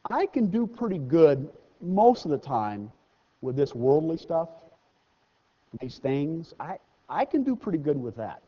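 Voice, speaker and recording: Male pastor with a lively, fairly high voice, preaching in a conversational way. Long church reverb, slightly muffled recording. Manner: conversational preaching, slows down and rises for scripture readings; self-deprecating asides. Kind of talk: sermon. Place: church sanctuary. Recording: dull sound with long hall reverb.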